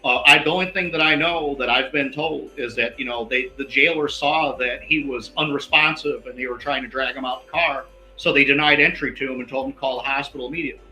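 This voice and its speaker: A man's voice: mid-range voice, fairly even intonation, fast, few pauses, bright, forceful tone. A man speaking as an investigative guest in a heated interview, emphatic and peppering his points with "all right". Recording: echoey room with faint music.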